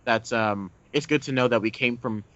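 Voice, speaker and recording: A man's voice: medium pitch, moderate pace, a bit bright, dry recording. Male podcast host, rambling chatter, dead-dry muffled sound. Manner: rambling, many fillers and restarts. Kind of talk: casual chat. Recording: dull dry mic sound.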